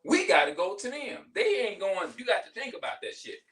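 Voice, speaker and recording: A man's voice: high voice, big pitch swings, a little fast, a bit bright, distant mic. A middle-aged man venting in a heated, profane, rambling monologue, repeating himself as he goes. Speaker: vlogger.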